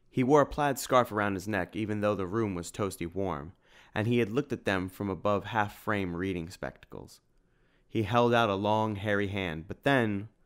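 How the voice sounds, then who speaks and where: A man narrating an audiobook with steady, even storytelling. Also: on the low side, smooth.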